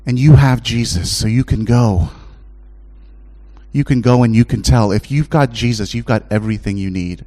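A middle-aged man preaching a sermon as a chaplain, shifting between impassioned high-pitched pleading and low, hushed storytelling. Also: normal speed.

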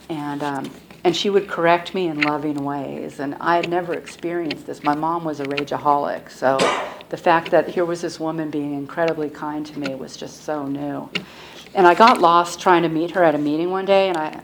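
A middle-aged woman sharing her recovery story at a meeting, soft-spoken and halting, often restarting her sentences. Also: low voice. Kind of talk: personal recovery testimony. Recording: clear background noise and clicks.

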